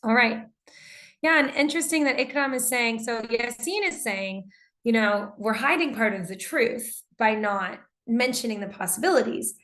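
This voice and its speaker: A woman with a slightly high, expressive voice teaches an online English class at a moderate pace. She reads her students' answers aloud and comments warmly on each one.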